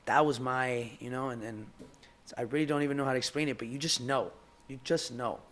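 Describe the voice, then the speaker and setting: A young man talking as a podcast guest in casual conversation, heartfelt and halting, often repeating words as he searches for them. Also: medium pitch, a bit bright.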